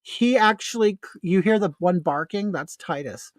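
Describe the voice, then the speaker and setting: A man's voice: high voice, expressive, moderate pace, no echo. A man in his fifties hosting a casual makeup livestream from home, chatting in a rambling way and answering viewer comments. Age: 50s.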